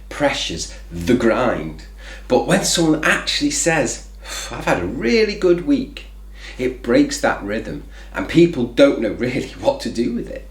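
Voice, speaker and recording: A man's voice: mid-range voice, echoey room. A man hosting a reflective faith talk, speaking conversationally with lots of "you know" fillers. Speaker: faith video host.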